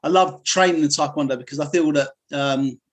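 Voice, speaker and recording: A man's voice: on the high side, fairly quick. A middle-aged man, a martial arts instructor, telling his life story candidly in an interview, rambling with frequent fillers and restarts. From United Kingdom.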